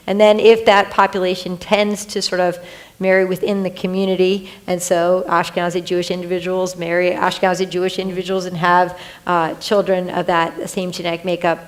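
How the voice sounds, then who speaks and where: A woman with a somewhat low voice talks through an idea patiently on a discussion panel. She builds the point in stages and checks in with her listeners. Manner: explains step by step, with fillers and "right?" checks. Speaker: panelist on hereditary cancer risk.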